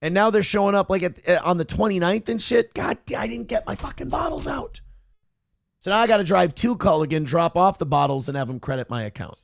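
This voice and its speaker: A man's voice: high-pitched, animated, brisk, creaky, dry recording, studio quality. A man hosting a morning show, talking in a crude, profane and mocking way as casual opinionated chat.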